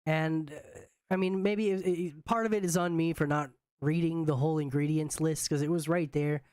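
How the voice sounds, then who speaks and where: Higher-pitched male podcaster, dry close mic, halting casual delivery. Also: fairly even intonation, a little mellow, dry recording. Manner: hesitant, many restarts and fillers. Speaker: podcast co-host. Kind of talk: casual chat.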